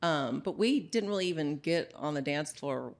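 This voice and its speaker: A woman's voice: sits low, expressive, normal speed. A woman hosting a podcast, chatting casually and prompting her guest. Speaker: podcast host. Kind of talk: casual chat.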